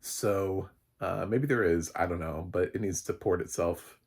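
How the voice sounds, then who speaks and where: Man, film critic, casual spoken review, husky voice, rambling with fillers, swears. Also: low voice, measured pace.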